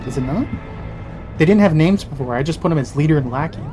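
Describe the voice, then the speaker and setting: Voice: medium pitch, animated, fast talker, dark tone, soft background music. A player chatting casually over a game, swearing often and mocking themselves. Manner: swearing, laughing, self-mocking. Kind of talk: casual gaming chat.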